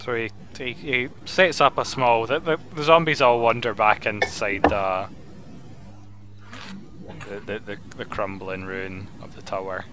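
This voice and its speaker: A man's voice: lowish voice, fairly even intonation, unhurried, noisy background. A man narrating a tabletop game as game master, casual and stumbling, often repeating words.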